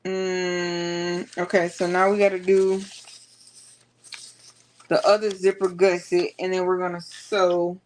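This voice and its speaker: Slow-talking woman chatting through a sewing project. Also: on the low side, flat delivery, slight background noise. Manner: chatty, talks to viewers while working. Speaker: sewing vlogger. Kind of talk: casual sewing tutorial.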